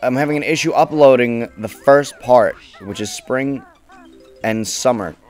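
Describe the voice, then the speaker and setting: A young man commentating his own gameplay casually, swearing often and bursting into frustrated shouts. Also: medium pitch, unhurried, soft background music. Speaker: let's play gamer.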